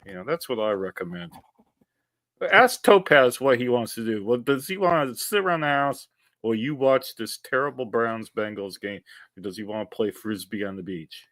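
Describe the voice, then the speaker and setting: A man's voice: medium pitch, animated, normal speed, fairly bright tone, no room sound. An older man co-hosting a sports radio show, dry and teasing in casual banter. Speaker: radio co-host.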